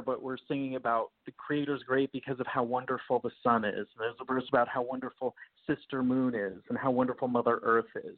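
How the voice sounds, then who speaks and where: A male musician chatting as an interview guest, animated and quick to laugh as he explains his songs. His voice sits in a middle pitch and comes through a thin, phone-like line. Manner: animated, laughing, self-correcting. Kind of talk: casual interview talk.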